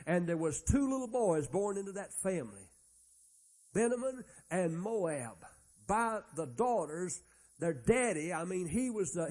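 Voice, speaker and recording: A man's voice: sits high, a little mellow. A man preaching a sermon, retelling Bible stories in a folksy way and acting out the characters' lines. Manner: folksy storytelling, acts out Bible characters' dialogue.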